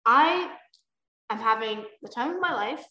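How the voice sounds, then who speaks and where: A woman's voice: a little high, animated, measured pace, pushed and bright, reverberant, poor audio. A woman co-hosting a book podcast, chatting casually in a rambling way with many fillers. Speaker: podcast co-host.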